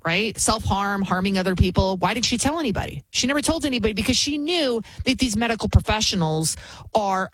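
A woman's voice: mid-range voice, husky, no room sound, poor audio. A middle-aged woman hosting her own show, giving emphatic, indignant commentary and repeating points for stress. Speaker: show host. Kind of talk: opinionated commentary.

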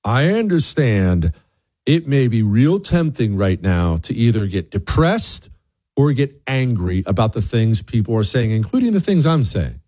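A man giving an opinion monologue, animated and full of rhetorical questions, often repeating words as he goes. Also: medium pitch, measured pace, dry recording, clean studio sound. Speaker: commentator.

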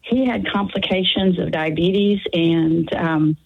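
A woman's voice: lowish voice, steady tone, takes it slowly, creaky. An older woman calling in to a radio show, telling her story earnestly. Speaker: caller. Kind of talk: phone-in call. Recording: tinny phone line.

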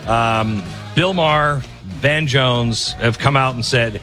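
A man's voice: medium pitch, takes it slowly, sharp tone, soft background music. A man hosting a political talk radio show and reading an ad in an emphatic, conversational way, often breaking off to restart his sentences.

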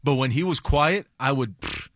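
A man's voice: medium pitch, moderate pace, dry recording, clean studio sound. A man co-hosting a casual talk show, telling playful family stories and acting out quotes. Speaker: co-host. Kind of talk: casual chat.

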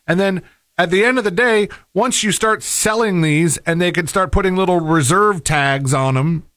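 Relaxed hesitant male co-host. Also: high-pitched, moderate pace, no room sound, studio quality. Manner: relaxed, hesitant, many fillers. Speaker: talk show co-host. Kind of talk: casual talk show banter.

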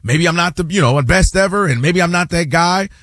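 A man holds forth on a sports show, his voice sitting a little high. He talks in a loose, conversational way and slips into quick impressions of fans. The sound is dry and close. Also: no room sound. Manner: animated, acts out fans' and players' voices. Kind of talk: casual sports debate.

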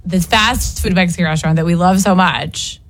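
A woman's voice: lowish voice, moderate pace. A woman co-hosting a morning radio show, teasing her partner insistently and laughing often. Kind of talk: casual on-air banter.

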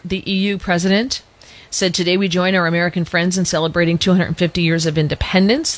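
A middle-aged woman hosting political commentary, chatty and sarcastic, reading quotes aloud and reacting to them. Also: lowish voice. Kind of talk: opinionated commentary.

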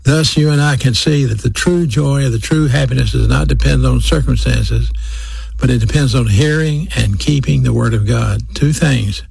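Male preacher, raspy and gravelly, deliberate emphatic sermon delivery, dry close sound. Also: mid-range voice, darkish tone, no echo. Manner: slows and stresses key phrases, repeats for emphasis.

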